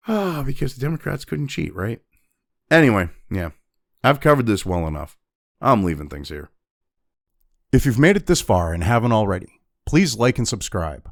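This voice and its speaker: A man's voice: mid-range voice, sing-song, moderate pace, gravelly, pauses often. A man from New Hampshire hosting a news commentary show, ranting in a profane, exasperated and sarcastic way. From New Hampshire, USA.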